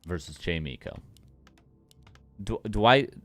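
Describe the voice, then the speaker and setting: A man's voice: low-pitched, lively intonation, normal speed. A man casting game replays live, joking and chatting with his viewers as he goes. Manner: joking, playful, chats with viewers. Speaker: caster.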